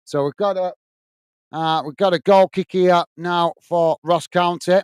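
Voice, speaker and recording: Calling the action during a live football watch-along, a man from the UK reads the chat and chats away, thanking viewers by name. His high-pitched voice is darkish yet clean, with fairly even intonation at a measured pace and no echo.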